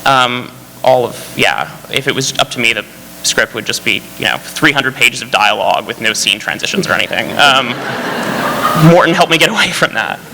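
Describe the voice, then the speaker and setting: A man speaking as a screenwriter on a panel, eager and animated with quick restarts. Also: medium pitch, vocal fry, long reverb tail, background noise. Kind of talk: casual panel talk. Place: large hall on stage.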